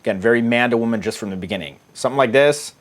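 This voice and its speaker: A man's voice: medium pitch, racing. A man, a dating coach, casually talking through text exchanges in a crude, irreverent, offhand way. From United States.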